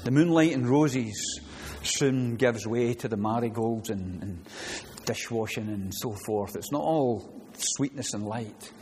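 A man's voice: on the high side, a little mellow, slightly rough. A man preaching a sermon in a conversational way, often restarting phrases and acting out short quoted prayers. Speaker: pastor. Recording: reverberant hall with faint ambience.

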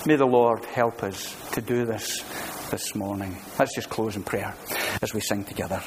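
A man's voice: on the low side, moderate pace. A man pastor preaching an earnest, conversational sermon full of rhetorical questions, recorded in a church sanctuary. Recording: church hall reverb, faint room noise.

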